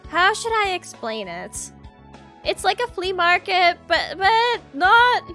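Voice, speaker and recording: A woman voicing a shy, earnest young male bird classmate, speaking politely and haltingly in a game read-aloud. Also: extremely high pitch, very animated, pushed and bright, soft background music, voice pushed up, full character voice.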